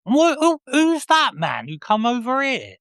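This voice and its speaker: A man's voice: very high-pitched, huge pitch swings, normal speed, fairly bright tone, no echo, clean studio sound, full character voice. Muddled rustic farmhand, ungrammatical and sing-song, man putting on the voice. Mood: confused.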